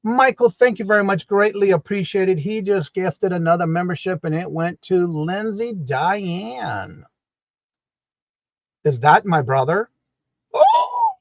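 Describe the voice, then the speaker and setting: A man's voice: high voice, a little slow, no room sound, dull audio. A man from New Orleans, hosting a casual morning live stream and greeting viewers in the chat one by one by name. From New Orleans, Louisiana. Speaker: livestream host.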